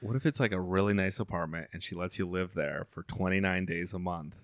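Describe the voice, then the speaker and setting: A man's voice: sits low, fairly quick, no echo, clean studio sound. A man co-hosting a podcast in casual chat, rambling and hesitant, chuckling through his questions. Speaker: podcast co-host.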